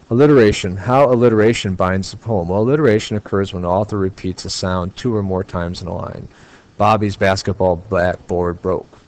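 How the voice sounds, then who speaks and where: A man's voice: sits low, a little mellow. An American man as a teacher, explaining poetry homework step by step and tapping out the stressed beats aloud.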